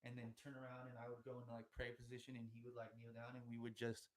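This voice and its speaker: Talking fast in a monotone, a young man with a middle-pitched voice rambles through a long podcast story full of slang and asides. He laughs often as the story goes on.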